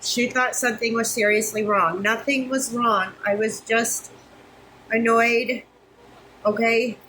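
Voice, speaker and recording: A woman's voice: fairly high pitch, fairly even intonation, slow pace, pushed and bright, slight background noise, rough recording. A woman in her fifties, a vlogger, venting frankly to her phone camera while overheated and flustered, swearing freely and sounding exasperated. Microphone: phone camera close up.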